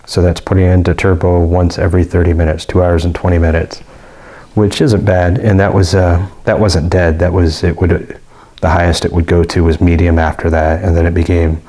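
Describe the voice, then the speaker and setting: Low, flat-voiced man reviewing gear. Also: brisk. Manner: rambling, many fillers and restarts. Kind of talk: casual product review.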